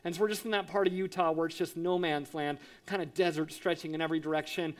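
A man in his thirties, a pastor, telling a lively personal story in a sermon, acting out voices and sound effects. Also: fairly high pitch, fast. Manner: animated, acts out quotes with sound effects.

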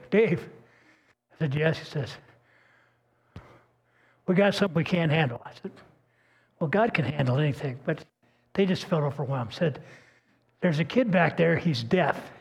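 An older male pastor preaches in a folksy, earnest manner, stopping to restart his words as he tells stories. His voice sits fairly high for a man and has a gravelly, husky grain. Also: moderate pace, long pauses, dull audio. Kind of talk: sermon with personal storytelling.

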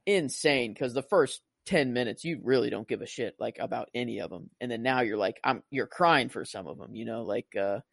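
A man's voice: mid-range voice, fairly quick, creaky, few pauses, no echo, clean studio sound. A young man co-hosting a casual movie-review chat, rambling with constant "like" and "you know". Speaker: podcast co-host.

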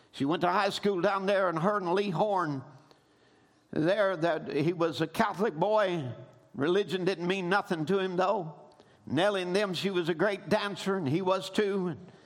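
A man preaching a sermon, retelling stories, breaking into shouts and calling for amens. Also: sits high. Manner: preaching with rising shouts and call-and-response amens.

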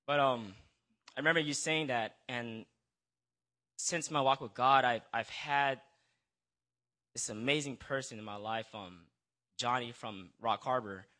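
A man's voice: mid-range voice, sharp tone. A young man giving a personal testimony into a handheld microphone at a church gathering, hesitant and nervous, stumbling over restarts and apologizing as he goes.

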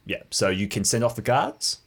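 Guy running a dnd game, low voice that swings all over, laughs a lot. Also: moderate pace, slightly rough. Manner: laughing, animated, jumps into many character voices. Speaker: game master. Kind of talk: narrating a tabletop game.

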